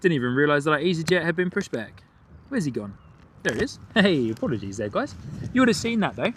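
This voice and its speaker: A man's voice: a little high, big pitch swings, quick pace, fairly bright tone, a little hiss or hum. A man hosting a live plane-spotting stream outdoors near a runway. He talks chattily and greets his viewers by name. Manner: chatty, reads out viewer comments and greets chat.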